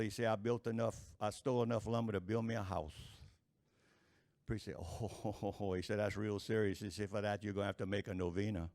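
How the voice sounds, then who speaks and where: A man telling folksy jokes to a live audience, chuckling at his own punchlines in an unhurried drawl. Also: on the low side, gravelly, darkish tone. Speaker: stand-up storyteller.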